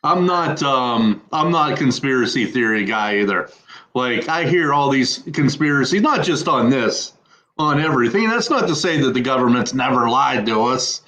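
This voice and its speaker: A man co-hosting a casual podcast, talking in a calm, measured, hedging way. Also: medium pitch, low-quality recording. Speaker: podcast co-host. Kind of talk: casual chat.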